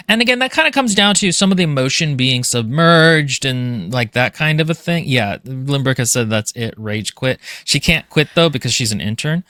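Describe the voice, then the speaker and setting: A man co-hosting a casual book podcast, talking in an animated, rambling way with lots of fillers and restarts. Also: medium pitch, moderate pace, few pauses, dry recording, clean studio sound. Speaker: podcast co-host.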